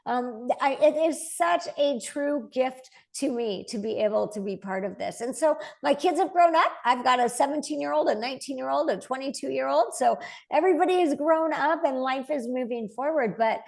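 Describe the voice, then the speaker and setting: A woman in her forties, speaking as a guest in a conversational interview. Her voice sits a little high and carries a gravelly fry. She tells her stories with energy and slips into other people's voices as she quotes them. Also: normal speed, a little mellow. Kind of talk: conversational storytelling.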